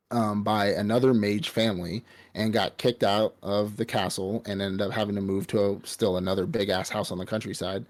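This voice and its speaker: Lowish-voiced man casually recapping anime. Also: a little mellow. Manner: rambling, profane storytelling with laughs. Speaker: podcast host.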